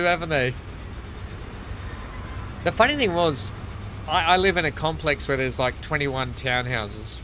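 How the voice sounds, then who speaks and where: Aussie guy streaming a game, chatty and laughing, bright sharp voice. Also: on the high side, measured pace, pauses often, slight background noise, poor audio. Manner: animated storyteller, laughs often, chatty. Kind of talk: casual livestream chat while playing.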